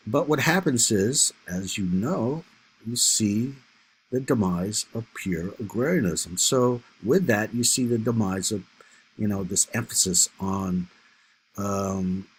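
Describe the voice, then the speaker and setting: A man with a deep, low voice that has a husky, slightly rough grain delivers a history lecture over slides. He talks casually, filling his points with "you know" and "right?", and sounds like he is speaking straight to his students. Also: a little slow, rough recording.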